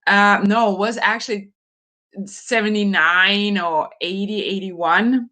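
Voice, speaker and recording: A woman's voice: medium pitch, steady tone, slow pace, sharp tone. A woman in her forties from Norway, chatting casually and hesitantly with live viewers, laughing often. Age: 40s. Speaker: livestream host.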